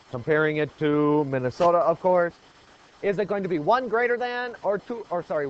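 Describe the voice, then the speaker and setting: Guy teacher in a classroom, high voice that swoops around a lot, muffled lo-fi recording. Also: slight background noise. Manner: animated, quizzing the class with call-and-response. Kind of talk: classroom lecture.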